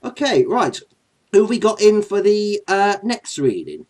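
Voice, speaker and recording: Man, host, casual comedy chat, giggly, apologetic, lively pitch. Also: moderate pace.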